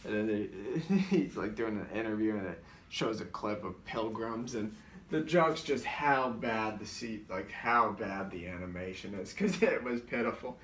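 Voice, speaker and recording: This man's voice is fairly low, expressive, and fairly bright, moving at a measured pace. He's a comedian telling casual, meandering stories about his sketches, full of "like" and restarts, with brief voice impressions. A faraway mic makes it roomy, and there's slight hiss or hum.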